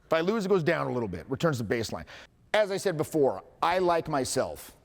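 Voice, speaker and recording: A man's voice: fairly high pitch, big pitch swings, a little fast, vocal fry, in a large hall. A man coaching a live audience on confidence, candid and profane, with joking asides and acted-out quotes.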